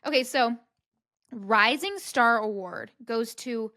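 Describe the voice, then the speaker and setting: A young woman hosts a podcast of casual commentary, reacting with disbelief and often cutting herself off mid-sentence. Her voice is fairly high, slow, bright, and forceful, recorded dry at studio quality.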